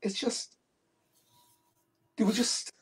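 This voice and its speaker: This Liverpool man, a guest in a casual interview, takes it slowly in a fairly bright voice. He relays his stories with animation, often repeating phrases for emphasis, and his voice comes across as far from the microphone.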